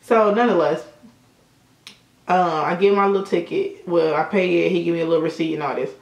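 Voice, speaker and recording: Her lowish voice has a darkish tone, and she speaks a little fast with a steady tone as she tells swear-heavy stories during a casual makeup tutorial. This young beauty vlogger is indoors at sunset, and the recording sounds roomy and dull.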